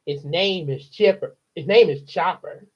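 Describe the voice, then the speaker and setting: Man putting on a proud young boy, excited, stammery, slow, muffled lo-fi sound. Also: fairly high pitch, slightly rough. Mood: proud, eager. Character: proud eager young boy showing off his pet.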